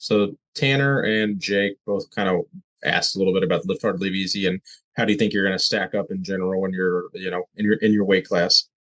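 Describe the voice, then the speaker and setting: A man with a fairly low voice hosts a casual podcast. He talks loosely, swears freely and asks his guest questions in an easygoing way. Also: steady tone, brisk, a bit bright, rough recording. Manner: loose, profane banter. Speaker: podcast host. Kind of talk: casual chat.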